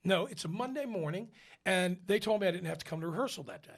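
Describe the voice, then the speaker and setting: This podcast co-host from the United States is an opera tenor with a high-sitting, husky voice who talks fast. Spinning a relaxed anecdote, he performs the voices of everyone he quotes with lively energy.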